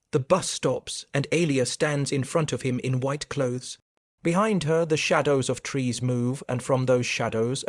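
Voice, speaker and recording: Guy reading a spooky story, steady and even, dry close sound. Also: medium pitch, no room sound. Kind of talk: scripted story narration.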